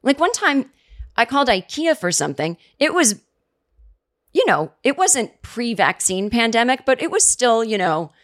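A woman's voice: medium pitch, fairly bright tone. A middle-aged woman hosting a comedy podcast, delivering a sarcastic, profane comedic rant. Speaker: podcast host. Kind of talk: comedic monologue.

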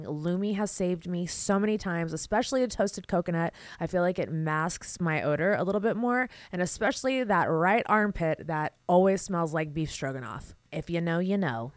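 Young woman host, low voice, profane casual chat, dry close mic. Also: dry recording. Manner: crude, swearing, laughing often. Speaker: podcast host. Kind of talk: casual podcast chat and read ad.

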